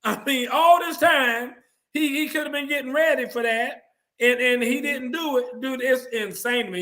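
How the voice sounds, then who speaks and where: A man with a high, bright voice rants bluntly through casual sports talk. He curses freely, and he slips into mocking voices for the people he quotes. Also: normal speed. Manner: blunt, profane, ranting; mimics others in quoted asides. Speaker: show host.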